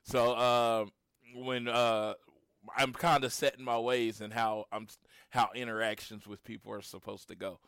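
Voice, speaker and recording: A man in his late thirties from Oklahoma, talking casually as a podcast co-host. He retells his encounters with lively storytelling, his voice mid-pitched and dry, close to the mic with no room sound. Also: measured pace, smooth, dry recording. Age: 30s. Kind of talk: casual chat.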